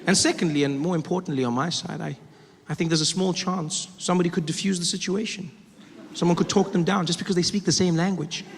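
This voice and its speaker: A man doing stand-up comedy, telling a story with animated, self-mocking delivery on a theater stage. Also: a little high, a little hiss or hum. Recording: echoey hall with loud crowd. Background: audience laughter.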